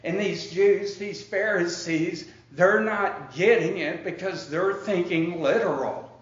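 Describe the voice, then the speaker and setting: A man preaching a sermon with slow, emphatic delivery and dramatic pauses, now and then acting out his opponents in a high, incredulous voice. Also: roomy sound, highs cut off. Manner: acts out the Pharisees in a high, incredulous voice. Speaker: pastor.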